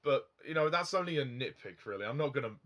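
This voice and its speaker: A young man talks through a film review in an easy, unscripted way. He rambles, fills his pauses with ums and chuckles at his own comments. His voice sits at an ordinary middle pitch for a man. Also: lively intonation, fairly bright tone. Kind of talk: casual film review monologue.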